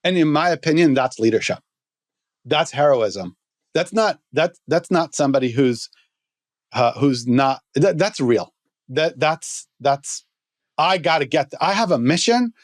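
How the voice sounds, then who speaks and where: A middle-aged man who once served as a fire lieutenant appears as a podcast guest, telling an emotional story in an earnest, halting way and often restarting his words. His voice sits on the high side and sounds animated, captured in a dry, studio-quality recording.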